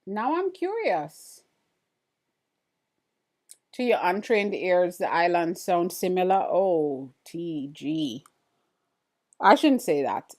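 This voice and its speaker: A woman's voice: fairly low pitch, slow, a little mellow. A woman with an Antiguan accent hosting a live stream, chatting casually and with curiosity as she answers viewer comments. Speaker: livestream host.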